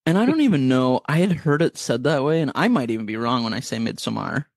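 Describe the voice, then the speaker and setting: A man co-hosting a podcast in casual chat, playful and quick to laugh. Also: medium pitch, lively intonation, darkish tone, no echo, studio quality. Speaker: podcast co-host.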